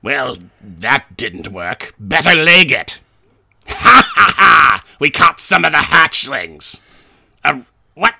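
A put-upon alien foot soldier, as a man puts him on, whines through one disaster after another. His voice is gravelly and husky, with a very bright edge. His pitch bounces all over. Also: very animated, slow, exaggerated voice. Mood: grumbling. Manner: whiny, grumbling running monologue. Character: hapless male alien soldier, self-pitying and put-upon. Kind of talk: comic podcast character voice.

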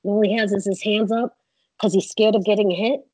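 A woman guest in a casual interview, telling animated stories and acting out what people said. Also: medium pitch, a little fast, slightly rough, no room sound, rough recording. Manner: animated storyteller, acts out quotes.

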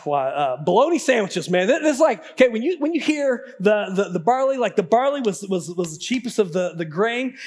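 A male pastor giving a sermon in a conversational, animated way, addressing the congregation directly and often repeating words as he builds up. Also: high-pitched. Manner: talks straight to the congregation.

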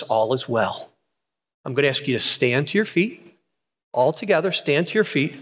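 A middle-aged man preaching a sermon, telling a personal story with dramatic pauses and repetition. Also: high-pitched, fairly bright tone. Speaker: pastor. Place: church hall. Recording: long hall reverb.

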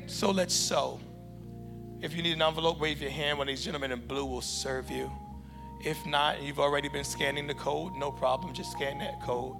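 High-voiced preacher man over church music. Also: normal speed, gravelly, big-room sound. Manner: loud, chanting declarations with call-and-response. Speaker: preacher leading prayer and offering. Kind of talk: sermon prayer and offering appeal. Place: church sanctuary with congregation. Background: church music playing.

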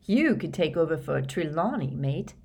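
A woman voicing a worried, loyal teenage boy in a storybook reading, hushed and pressing. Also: medium pitch, lively intonation, measured pace, slightly rough, pitched above the performer's own voice. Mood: urging.

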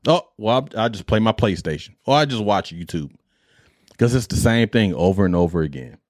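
Middle-aged male podcast host, lively exasperated rant, dry close sound. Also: fairly low pitch, a little fast, no echo. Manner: animated, exasperated ranting with repetition.

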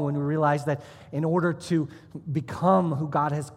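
Husky-voiced man preaching a sermon. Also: on the high side, steady tone, normal speed, a little mellow, long reverb tail. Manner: emphatic, rising and dropping for emphasis. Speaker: pastor. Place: church sanctuary.

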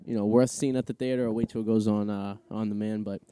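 Co-host, male, quick and dark-toned, casual profane banter, dry close sound. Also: on the low side, fairly even intonation, smooth, dry recording. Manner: profane, joking, rambling sports talk. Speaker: podcast co-host. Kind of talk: casual chat.

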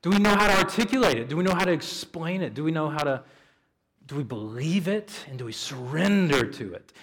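A man's voice: fairly high pitch, animated, a little fast, fairly bright tone, low-quality recording. A man preaching an Easter sermon as pastor in a church, casual and chatty with lots of fillers and restarts. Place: church sanctuary.

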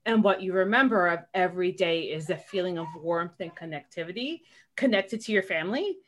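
A woman's voice: fairly low pitch, a little fast. A woman in her forties co-hosting a podcast, chatting casually and laughing as she talks. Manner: animated, laughs while talking. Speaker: podcast co-host. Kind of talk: casual chat.

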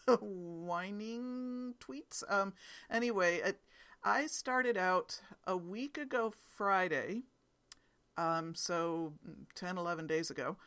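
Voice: medium pitch, sharp tone. A podcast host, still congested after an illness, chatting casually and rambling with frequent ums. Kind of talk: casual solo podcast chat.

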